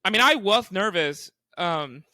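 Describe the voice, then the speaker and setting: A young man, a stand-up comedian and podcast co-host, telling animated stories with lots of swearing and acted-out quotes. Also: sits high, a little slow, no echo. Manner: animated, acts out quotes, swears often, laughs while telling. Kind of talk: casual storytelling chat.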